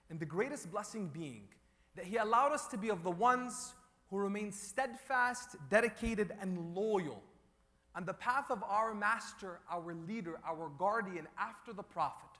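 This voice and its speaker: High, bright man preaching in a hall. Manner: leads the crowd in repeated chants, rising to loud calls. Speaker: speaker at a religious gathering. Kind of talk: sermon with call-and-response. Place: large hall before a gathering. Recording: long hall reverb.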